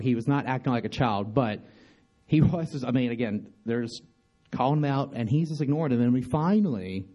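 A man shares his thoughts on a scripture passage in a relaxed, conversational way, asking his listeners questions as he goes. His voice is dark and mellow, set in a moderate register. He starts and restarts his sentences, leaning on fillers as he searches for words. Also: medium pitch. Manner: halting, many restarts and fillers. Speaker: bible teacher. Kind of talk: informal bible study talk.

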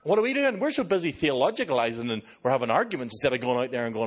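A man with an Irish accent, a pastor preaching a sermon and telling stories in an animated way, slipping into other people's voices. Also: medium pitch, very fast, noisy background. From Ireland.

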